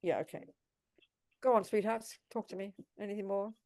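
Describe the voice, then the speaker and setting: A woman's voice: medium pitch, normal speed, no echo, studio quality. An older woman teaching Buddhist practice on a video call, direct and emphatic, calling listeners sweetheart and darling. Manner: warm, direct, calls people sweetheart and darling.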